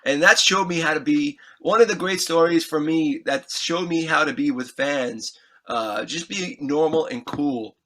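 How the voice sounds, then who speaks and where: A man being interviewed as a musician, telling an animated, excitable anecdote, acting out scenes and swearing freely. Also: on the high side, unhurried. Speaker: guest musician.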